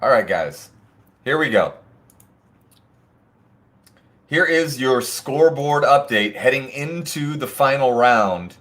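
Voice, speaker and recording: A man's voice: mid-range voice, lively intonation, unhurried, a bit bright. A man hosting an online trivia night, reading answers and scores and teasing players in the chat with sarcastic banter. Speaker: trivia host.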